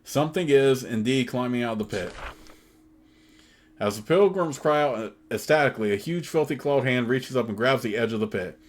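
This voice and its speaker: Male let's play host reading game text aloud, steady, with casual asides, mid-pitched voice. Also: moderate pace, a little hiss or hum.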